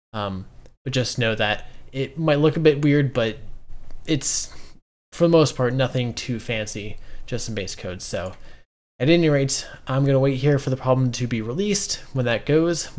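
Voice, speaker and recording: A man casually talking through his code as he solves a programming puzzle, with lots of ums and uhs. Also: mid-range voice. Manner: relaxed, many ums and uhs, thinks aloud. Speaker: coding streamer. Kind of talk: casual coding walkthrough.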